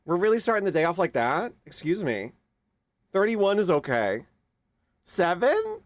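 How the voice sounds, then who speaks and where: A man's voice: high-pitched, huge pitch swings, a little slow, dry recording. A young man streaming live, chatting casually with his viewers and greeting them by name, now and then cooing at his pet. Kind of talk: casual livestream chat.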